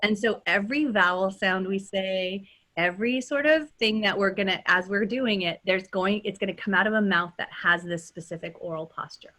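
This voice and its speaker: A woman with a Californian accent, teaching as a dialect coach and demonstrating sounds in a lively way, often checking in with "right?". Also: medium pitch, moderate pace. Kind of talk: teaching pronunciation in a workshop.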